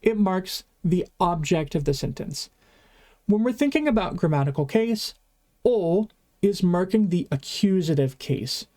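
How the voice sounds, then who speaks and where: A mellow-toned online language teacher explaining grammar in a casual, chatty way. They ramble now and then and trip over words before correcting themselves. The pitch sits at an ordinary middle level.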